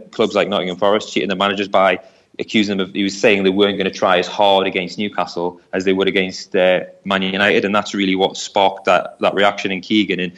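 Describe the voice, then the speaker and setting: A man with a lowish voice talks quickly through a football memory, doubling back on words as he goes. It sounds like a relaxed podcast chat between fans, loose and unscripted. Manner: rambling, repeats words while thinking. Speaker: football pundit, Newcastle fan. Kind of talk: casual podcast discussion.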